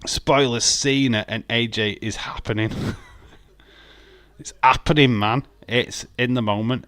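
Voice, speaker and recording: A man's voice: medium pitch, steady tone, a little slow, fairly bright tone, no room sound. A man hosting a live stream, chatting casually, reading out chat messages and teasing viewers with frequent laughs. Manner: jokey, teasing, laughs often.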